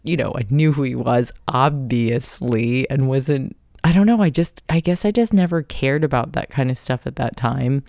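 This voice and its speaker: A woman's voice: very deep voice, gravelly, darkish tone, no echo, clean studio sound. A woman hosting a podcast, telling a rambling personal story in a casual, chatty way. She swears now and then and laughs mid-sentence. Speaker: podcast host.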